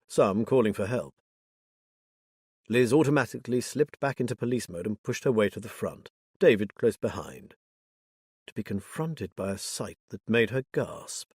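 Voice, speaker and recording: Casting: male audiobook narrator, mid-pitched, steady and measured, dry close-mic sound. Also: slightly rough, no echo. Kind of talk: scripted narration.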